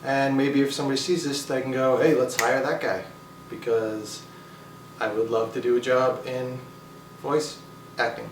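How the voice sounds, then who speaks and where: A man's voice: mid-range voice, level tone, moderate pace. A man from Canada talking to his viewers in a chatty, playful, self-deprecating vlog. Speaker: vlogger. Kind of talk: casual accent showcase. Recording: roomy, distant mic, faint noise.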